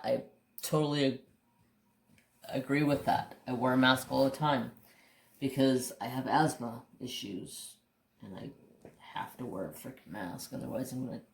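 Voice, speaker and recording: A man's voice: mid-range voice, gravelly. A man hosting a crafting channel tells stories in a casual, rambling way while he works at his craft table. He talks candidly, swears mildly and often restarts his sentences. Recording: roomy echo.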